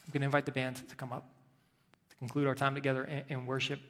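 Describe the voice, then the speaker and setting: A man, a pastor, preaching a sermon in a church, telling the story dramatically and moving between hushed and loud delivery. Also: mid-range voice, monotone, fast talker, long reverb tail. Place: church sanctuary.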